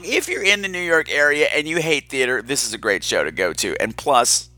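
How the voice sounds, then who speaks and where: Campy, lively man hosting a podcast. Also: medium pitch, a little fast, no room sound. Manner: campy, sardonic, animated storytelling. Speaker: podcast host. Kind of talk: casual chat.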